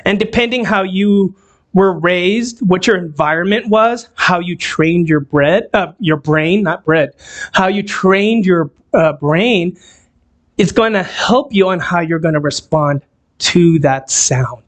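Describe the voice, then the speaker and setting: A man's voice: high voice, takes it slowly. A man preaching a sermon in a church, talking to the congregation and putting questions to them. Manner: conversational, asks the audience questions. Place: church hall, also streamed on a video call.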